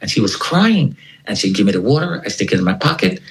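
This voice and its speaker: Low-voiced man telling a vivid story. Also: quick pace, low-quality recording. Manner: animated, acts out the dialogue in his story. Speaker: interview guest. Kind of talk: personal storytelling.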